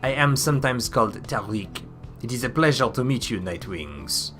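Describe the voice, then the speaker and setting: A man putting on a French-accented wandering minstrel, courteous, measured, a bit soft, lively pitch, bright tone. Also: soft background music, close to an everyday voice. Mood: calm courteous. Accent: put-on French. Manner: courteous, measured, old-fashioned speech. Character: mysterious formal male wandering minstrel.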